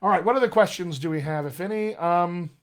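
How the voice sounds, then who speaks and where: A man's voice: high-pitched, brisk. Upbeat dialect coach, man. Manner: chatty and encouraging, reads viewer questions aloud. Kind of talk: live-streamed Q&A session.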